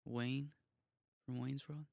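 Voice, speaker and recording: A young man rambling casually on a podcast, swearing freely and stumbling into restarts as he tells a story. His voice sits at a middling pitch for a man, recorded dry and close. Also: little pitch movement, vocal fry, a little mellow, no echo. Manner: rambling, profane, halting restarts. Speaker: podcast co-host. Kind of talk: casual chat.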